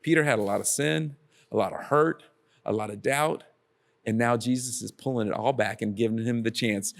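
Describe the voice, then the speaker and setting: A man delivers a relaxed devotional sermon straight to the listener. He is earnest and presses his points by repeating them. His voice sits at an ordinary middle pitch. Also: moderate pace, creaky. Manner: earnest, repetitive exhortations to the listener. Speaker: preacher.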